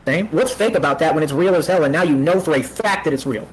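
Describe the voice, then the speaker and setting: Fast-talking, high-pitched boastful man. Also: poor audio. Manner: boastful, combative, heavy street slang. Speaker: streamer. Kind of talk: confrontational livestream rant.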